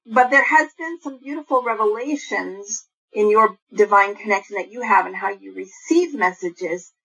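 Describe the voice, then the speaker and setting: A woman hosting a radio interview, asking calm, flowing questions. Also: medium pitch, moderate pace, husky, low-quality recording. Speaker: radio show host.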